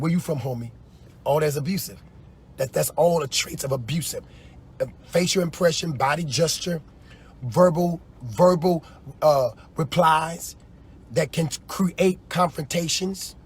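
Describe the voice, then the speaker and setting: A man preaching in a loose, animated way on a livestream, often acting out quoted voices. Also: a little high, slightly rough. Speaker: apostle.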